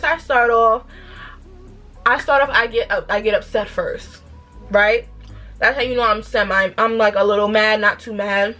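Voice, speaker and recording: A woman in her twenties with a New York accent, telling a storytime vlog in an animated, emphatic way with rhetorical questions. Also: medium pitch. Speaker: vlogger.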